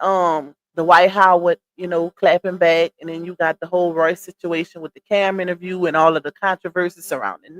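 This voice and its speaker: A woman hosting a casual livestream, chatty and greeting her viewers by name, a little winded from a cold. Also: fairly low pitch. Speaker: livestream gossip host. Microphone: computer streaming setup.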